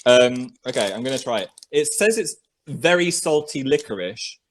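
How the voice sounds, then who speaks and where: A man's voice: medium pitch, moderate pace, slight background noise. A young man hosting a casual podcast chat, tasting sweets and laughing as he talks. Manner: animated, laughing, chews while talking. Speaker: podcast host.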